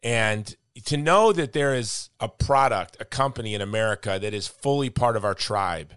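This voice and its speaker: A man's voice: medium pitch, fairly bright tone, no echo, studio quality. A man hosting a podcast, chatting casually and teasing his guest with playful jokes. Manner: joking, teasing, plugs the sponsor playfully. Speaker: podcast host. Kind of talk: casual chat.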